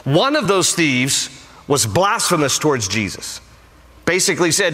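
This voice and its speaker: A man preaching a sermon as pastor, emphatic and animated, repeating short lines for stress. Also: a little high, unhurried. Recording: long hall reverb.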